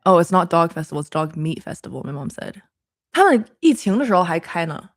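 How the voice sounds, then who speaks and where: A woman's voice: on the low side, big pitch swings, a little fast. A woman streaming casual chat while studying; she swears often, laughs easily and thinks aloud.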